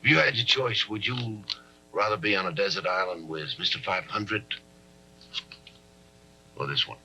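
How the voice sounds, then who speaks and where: A smug, scheming official. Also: male voice, fairly low pitch, moderate pace, sharp tone, a little hiss or hum, poor audio. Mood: gloating. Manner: mocking, chuckling, brusque. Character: smug scheming middle-aged male official. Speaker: government official. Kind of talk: 1970s film drama acting.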